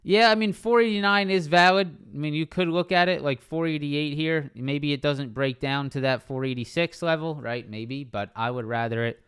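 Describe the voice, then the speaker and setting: A man's voice: fairly high pitch, moderate pace, hardly any pauses, fairly bright tone, clean tone. A young man streaming live market analysis, talking casually, repeating price levels and asking "right?" often. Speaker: stock trading live streamer. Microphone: streaming microphone.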